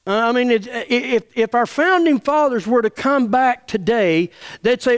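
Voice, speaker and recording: High-voiced man preaching a sermon. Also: expressive, moderate pace, smooth. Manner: earnest, impassioned preaching. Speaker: pastor. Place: church.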